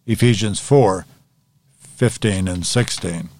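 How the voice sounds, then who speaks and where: A man teaching a Bible study lesson, working methodically through review questions and answers in a measured way. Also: fairly low pitch, a little mellow.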